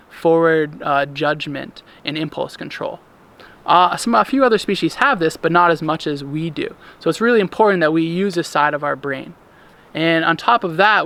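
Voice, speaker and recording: Brief: male instructor, slightly higher voice with a bright edge, calm and explanatory in tone. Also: creaky. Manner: calm, explanatory, with occasional fillers. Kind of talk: daily lesson talk.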